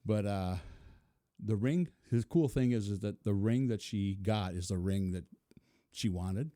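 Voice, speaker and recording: A middle-aged man with a low, warm, mellow voice tells a personal story. He chuckles often and acts out the quotes. The recording is close and dry, with no room sound. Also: a little slow, no echo. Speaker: interview guest.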